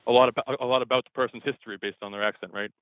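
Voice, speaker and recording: Quick, chatty co-host with many fillers. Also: male voice, mid-range voice, steady tone, a bit bright, no echo, poor audio. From Boston area, USA. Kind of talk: casual radio chat.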